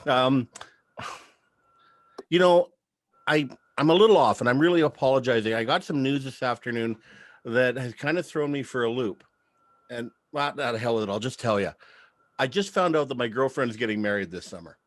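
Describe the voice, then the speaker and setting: A man's voice: mid-range voice, normal speed, pauses often, dry recording. A man in his thirties doing a stand-up comedy set, telling chatty stories with act-outs.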